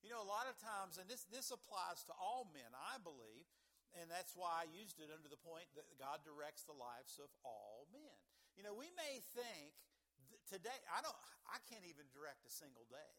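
A man with a high, light voice preaches a sermon in a church. He keeps it folksy, cracking small jokes and asking the congregation questions. His calm teaching sometimes rises into loud, excited bursts. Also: normal speed. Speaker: pastor.

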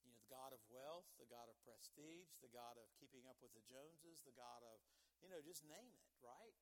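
A man's voice: mid-range voice, lively intonation, moderate pace. A man preaching a sermon in a folksy, emphatic way, repeating key phrases and chuckling between points.

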